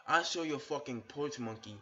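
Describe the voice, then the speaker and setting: A man's voice: medium pitch, animated, moderate pace, sharp tone. A man ranting angrily at another YouTuber, insulting him over and over with a lot of swearing. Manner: profane, insulting, repetitive; shirtless on camera. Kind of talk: angry rant video. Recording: dull lo-fi webcam audio.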